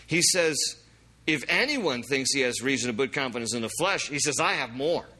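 A man preaching a sermon, reading scripture aloud with emphasis and slowing down for the verses. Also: mid-range voice, lively intonation, sharp tone. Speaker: pastor.

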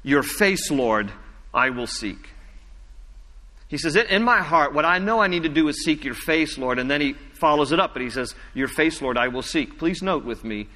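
Bright-voiced preacher in an echoing hall. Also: male voice, fairly high pitch, animated. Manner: earnest preaching, dropping soft and slow at key lines. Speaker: pastor. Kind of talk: sermon. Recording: long reverb of a large hall.

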